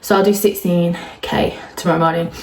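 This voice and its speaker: A woman's voice: lowish voice, steady tone, brisk, darkish tone. A woman with a stuffy, congested voice from a cold, chatting casually at home in a rambling vlog. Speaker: triathlete vlogger. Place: at home indoors. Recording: roomy echo.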